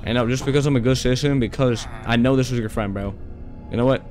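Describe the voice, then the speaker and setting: A man's voice: mid-range voice, a little mellow, faint music behind. A young man casually commenting on a horror game he plays, chatty and full of slang, talking to the creatures on screen. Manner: yelps and rushes when scared. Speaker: gaming YouTuber. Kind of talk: casual let's-play commentary.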